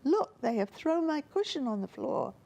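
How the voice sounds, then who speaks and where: A woman's voice: high voice, sing-song, normal speed, gravelly, mellow, pitched above the performer's own voice, heavily acted. A woman doing an indignant mother bear.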